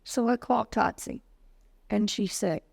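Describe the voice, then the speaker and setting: Creaky-voiced older woman telling stories. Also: mid-range voice, measured pace. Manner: lively anecdotal storytelling, acts out quoted dialogue. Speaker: interviewee, retired business owner. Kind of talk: storytelling interview.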